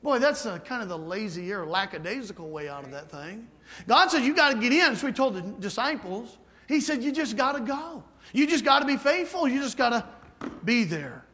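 A man's voice: high-pitched, pushed and bright. A man preaching a folksy, emphatic sermon full of asides to the congregation. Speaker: guest preacher.

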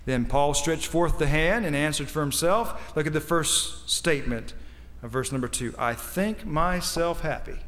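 High-voiced preacher in a reverberant hall. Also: male voice, measured pace, hardly any pauses. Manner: builds from quiet scripture reading to emphatic, rising climaxes. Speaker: pastor. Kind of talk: sermon. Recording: long reverb of a large hall.

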